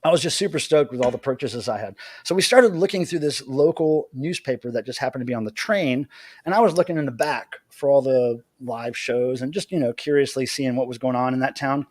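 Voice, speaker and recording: An American man hosting a livestream from home, telling a story in an animated, chatty way. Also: medium pitch, a little fast, no room sound, studio quality. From United States. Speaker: livestream host.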